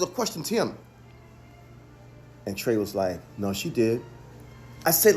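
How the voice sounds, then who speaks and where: Male chef, mid-pitched, animated storyteller, earnest and repetitive, soft music underneath. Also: unhurried, pauses often. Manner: earnest, repeats himself for emphasis. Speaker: chef and restaurant owner. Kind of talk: storytelling monologue.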